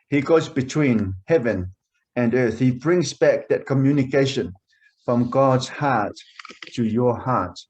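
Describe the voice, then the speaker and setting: A man preaching a sermon as pastor of a church, deliberate and emphatic, repeating key phrases to drive them home. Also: mid-range voice, darkish tone.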